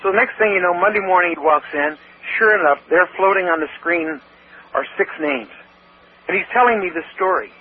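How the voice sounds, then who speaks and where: A man's voice: high voice, a little fast, slightly rough. A man telling a story as an interview guest, talking with animation and acting out what other people said. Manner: animated storyteller who acts out quoted speech. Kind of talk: phone-in storytelling. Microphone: telephone. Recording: tinny phone line with faint hiss.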